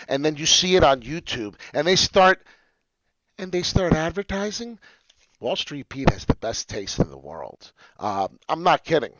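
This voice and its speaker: A man from New Jersey hosting a crypto livestream, talking in an animated, passionate, rambling way. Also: a little high, no echo, highs cut off. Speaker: crypto channel host. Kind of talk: casual livestream chat.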